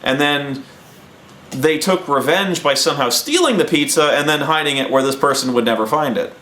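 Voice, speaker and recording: Male host, rambling storyteller, lively pitch, echoey room. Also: moderate pace, slight background noise. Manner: rambling, animated, acting out quotes. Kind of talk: casual anecdote telling.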